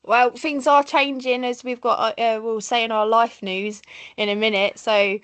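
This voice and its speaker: A woman's voice: on the high side, steady tone, moderate pace, a bit bright, clean tone. A woman in her thirties with an Essex accent, co-hosting a podcast in chatty, bubbly conversation full of laughs. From Essex, England. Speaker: podcast co-host. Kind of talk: casual chat.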